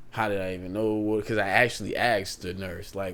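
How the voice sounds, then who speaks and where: A man's voice: low-pitched, flat delivery, a little fast, hardly any pauses, fairly bright tone. Chatty rambling man teaching tech. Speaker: tech tutorial host. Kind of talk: casual screen-share tutorial.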